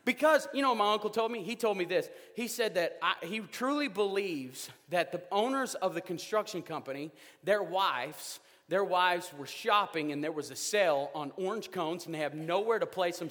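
Animated preacher in a reverberant hall. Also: male voice, sits high, normal speed, few pauses. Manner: animated, joking, rising to loud outbursts. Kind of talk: sermon. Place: church sanctuary.

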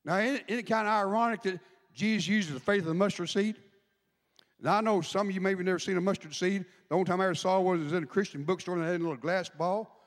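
Male pastor, conversational preacher, high voice, reverberant hall. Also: fast talker. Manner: conversational preaching, asks the congregation questions. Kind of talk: sermon.

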